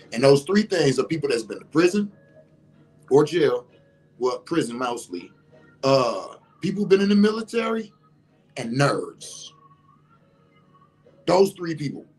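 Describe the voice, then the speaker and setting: A young adult man hosting a podcast, telling a story in casual chat, animated and profane, often getting loud and emphatic. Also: on the high side. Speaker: podcast host.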